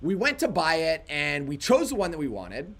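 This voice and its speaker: A man co-hosting a casual livestream, telling animated stories and quoting himself along the way. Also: fairly high pitch, normal speed, creaky. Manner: animated storytelling, quotes himself. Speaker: livestream co-host.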